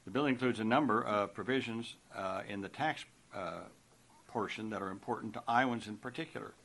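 A middle-aged man, a senator, delivering a formal prepared statement in a measured, deliberate way with occasional hesitations. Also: lowish voice, vocal fry, a bit bright, slight background noise.

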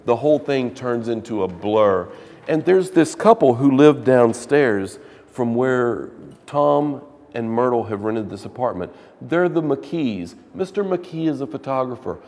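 A man's voice: medium pitch, expressive, a little slow, darkish tone, big-room sound. A man teaching a literature class, lecturing casually and reading passages aloud with dramatic emphasis.

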